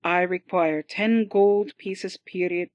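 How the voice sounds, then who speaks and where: A woman voicing a calm male Swedish sea captain in an audiobook, speaking in a smooth, rolling Swedish accent. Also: fairly low pitch, slow pace, no echo, lo-fi sound. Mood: calm, measured.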